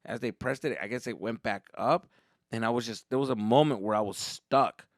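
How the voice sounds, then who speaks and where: A young man telling a comic story as a podcast host, profane and animated, jumping into voices. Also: medium pitch, a little fast, no room sound, studio quality.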